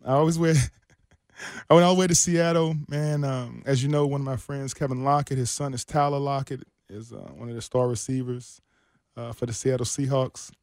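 A man's voice: medium pitch, fairly even intonation, moderate pace, darkish tone, dry recording, studio quality. A man co-hosting a sports radio show, chatting casually in a laid-back, rambling way with many restarts. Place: radio studio.

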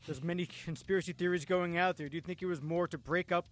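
A man co-hosting a sports talk show, reading out brisk questions and prompts. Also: high voice, steady tone, faint music behind. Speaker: sports radio co-host.

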